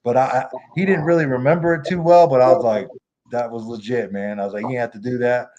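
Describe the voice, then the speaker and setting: A man speaks at a middling pitch in a loose, laid-back storytelling voice. He rambles and circles back, peppering his talk with easy fillers as he chats on a podcast call. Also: fairly even intonation, quick pace, warm tone, dull audio, a little hiss or hum. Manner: laid-back, rambling, lots of "you know what I mean". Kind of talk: casual storytelling. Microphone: remote call mic.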